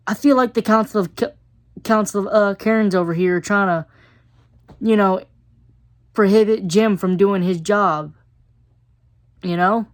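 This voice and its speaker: A woman's voice: mid-range voice, a little slow, long pauses. A woman giving a casual, chatty episode review. She uses lots of fillers and laughs now and then.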